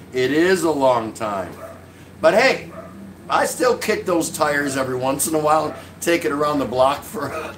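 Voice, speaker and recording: A man's voice: on the high side, noisy background. A man in his sixties hosting a casual live stream from his couch at home, reading viewer comments aloud and joking with a chuckle. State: drinking beer while talking.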